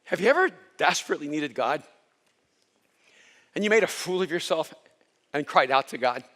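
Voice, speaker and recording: A male pastor preaching a sermon with impassioned storytelling that rises toward near-shouts. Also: fairly high pitch, lively intonation, normal speed.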